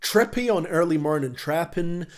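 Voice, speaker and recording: A man's voice: on the high side, animated, normal speed. A young man delivering scripted, blunt and sarcastic music review commentary as host.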